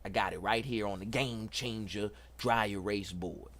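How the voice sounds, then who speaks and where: A middle-aged man hosts a casual livestream tech talk. He is excited and preachy, repeats himself and talks to the chat. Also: lowish voice, moderate pace. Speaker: host.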